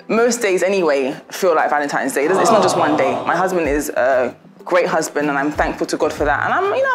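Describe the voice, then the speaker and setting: A young woman vlogger, chatty and laughing as she gives warm, preachy advice in a casual talk to her viewers. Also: on the low side.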